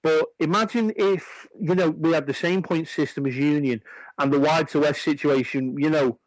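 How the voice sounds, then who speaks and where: A man's voice: a little high, fairly even intonation, normal speed, no room sound, dull audio. A man co-hosting a sports radio show, earnestly arguing his point with many stammering restarts. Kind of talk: casual sports chat. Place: radio studio.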